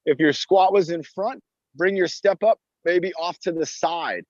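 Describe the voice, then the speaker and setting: A male fitness coach leads a live outdoor workout class in a park, encouraging participants and talking through each move as he exercises. His voice sits high and darkish at a measured pace, captured on a phone as dull, dry lo-fi audio with no echo.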